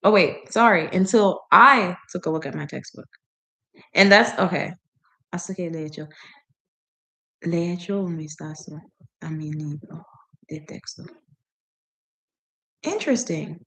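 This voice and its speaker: A woman's voice: lowish voice, measured pace, pauses often, bright, forceful tone. A woman practicing reading aloud in a language she is learning, chatting as she goes, often laughing and stopping to puzzle over words. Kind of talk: casual reading practice with commentary.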